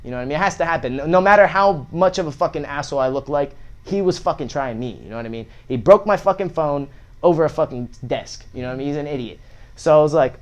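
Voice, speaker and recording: A man's voice: fairly high pitch, fast. A young man, a podcast guest, telling a story in a casual, profane way with many fillers.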